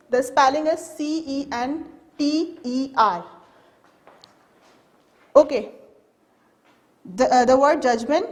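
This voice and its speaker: A woman teaching a recorded school lesson, speaking slowly, repeating key phrases and spelling words out letter by letter. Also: high-pitched.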